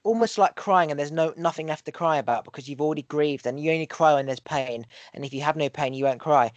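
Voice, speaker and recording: A man's voice: fairly high pitch, fast talker, dry recording, dull audio. A man hosting a podcast, talking in an earnest, preachy way, repeating phrases in rhythm and swearing for emphasis. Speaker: podcast host. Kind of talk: casual podcast chat.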